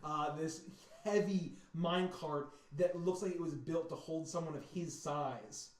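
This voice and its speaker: Animated man running a tabletop game. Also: a little high, measured pace. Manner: animated, bursts into loud sound effects and voices. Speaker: game master. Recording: roomy mic with background music. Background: faint music.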